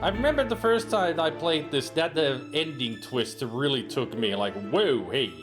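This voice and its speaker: A man's voice: a little high, expressive, normal speed, over music. A man streaming a horror game, reading its text aloud and commenting. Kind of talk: gameplay commentary.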